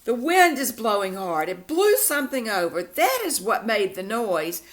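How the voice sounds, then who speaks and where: A woman's voice: a little high, sing-song, normal speed. A woman voicing a strict but caring mother in a storybook, firm in tone. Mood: gentle.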